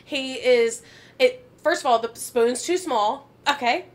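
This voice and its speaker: High-voiced woman telling a story, laughing. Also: takes it slowly. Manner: animated, laughing and swearing often. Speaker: podcast host. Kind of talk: casual storytelling.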